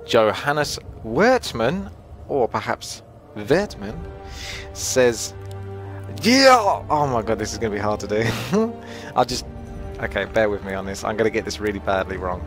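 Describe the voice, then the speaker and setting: A man's voice: moderate pace, soft background music. Chatty Essex man commentating a game. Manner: chatty, self-mocking, jumps in pitch when excited. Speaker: gameplay commentator. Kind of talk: casual live game commentary.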